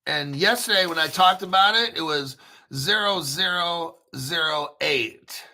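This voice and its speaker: A man hosting a crypto show in a casual livestream rant, profane and brash, often clearing his throat. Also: fairly high pitch, a little slow, bright, forceful tone.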